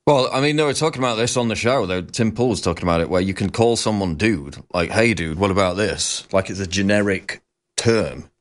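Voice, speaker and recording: A man co-hosting a talk show, laying out points in a measured, explanatory way. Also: fairly low pitch, animated.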